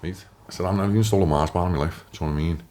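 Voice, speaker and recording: A man in his thirties with a Liverpool accent, telling his story as a podcast guest, animated and swearing, acting out what others said. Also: deep voice, racing. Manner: animated, swears, acts out quotes. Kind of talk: casual storytelling.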